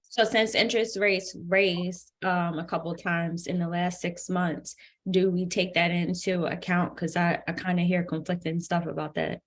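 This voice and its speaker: A woman's voice: fairly low pitch, level tone, moderate pace. A woman attending a training session, asking a hesitant question.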